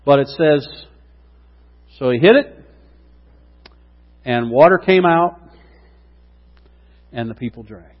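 A middle-aged man preaching a sermon, acting out quotes with lively asides to the congregation. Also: medium pitch, slow pace, pauses often. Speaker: pastor. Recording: dull lo-fi sound with long hall reverb.

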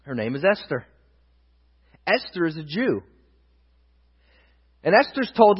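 A man with a high, husky voice preaches a sermon. He retells scripture as a story and swings between loud emphasis and hushed asides. His voice rings out with a long reverb in a big hall, and the recording sounds dull. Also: big pitch swings, slow pace, pauses often. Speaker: pastor.

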